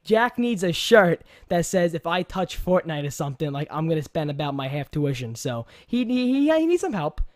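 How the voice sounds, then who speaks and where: Rambling New York man, higher voice. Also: moderate pace, few pauses, no echo, studio quality. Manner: animated, rambling, laughs often. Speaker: podcast host. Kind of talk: casual chat.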